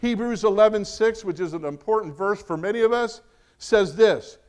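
A middle-aged male pastor preaching a sermon, animated, swinging from loud emphasis to quiet asides. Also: high voice, moderate pace, smooth.

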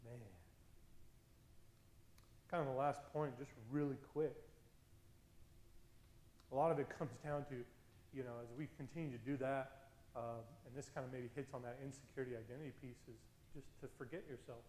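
Lively casual preacher man. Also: mid-range voice, moderate pace, pauses often, reverberant, a little hiss or hum, low-quality recording. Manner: casual, energetic preaching with laughs and asides. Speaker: pastor. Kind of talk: sermon.

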